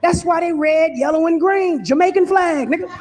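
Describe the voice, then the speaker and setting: A man performing a stand-up comedy routine, riffing loudly and profanely with big swings in pitch. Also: normal speed, a little hiss or hum.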